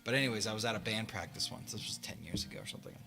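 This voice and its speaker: A man's voice: lowish voice, rapid-fire, creaky, big-room sound. A man hosting a casual live stream as a musician. He rambles, swears a lot and laughs between his lines.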